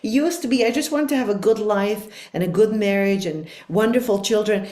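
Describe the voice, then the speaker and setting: A woman's voice: medium pitch, fairly quick, few pauses, warm tone. Reflective middle-aged woman, roomy sound. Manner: earnest, reflective, emphatic. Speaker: guest, life coach. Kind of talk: podcast conversation.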